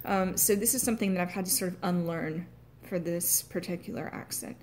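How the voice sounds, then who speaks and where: Southern American woman, actor talking through her accent practice, halting, lots of ums, faint background noise. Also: fairly low pitch, a little mellow. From United States. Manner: hesitant, many filler sounds, clears throat. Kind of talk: casual explanatory talk.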